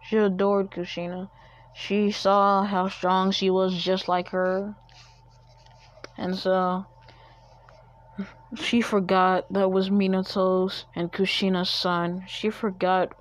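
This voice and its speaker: A woman's voice: medium pitch, flat delivery, takes it slowly, pauses often. A woman casually improvising a fan story, rambling and correcting herself as she goes. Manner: rambling, with restarts and self-corrections. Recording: dull lo-fi recording.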